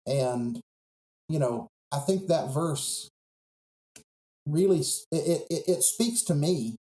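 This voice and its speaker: Earnest man retelling a story, mellow voice. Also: on the high side, lively intonation, takes it slowly, roomy sound, low-quality recording. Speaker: pastor. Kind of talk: podcast conversation, telling a Bible story.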